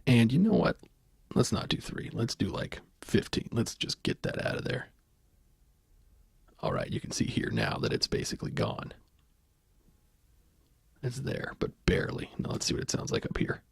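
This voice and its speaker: A man speaking softly in a low, deeply gravelly and husky voice that sounds a little sore. He walks through a software tutorial in a loose, thinking-aloud way, his pitch moving around a lot. The sound is close and dry. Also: huge pitch swings, moderate pace, long pauses, dry recording. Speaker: audio tutorial host. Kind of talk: soft-spoken screen tutorial.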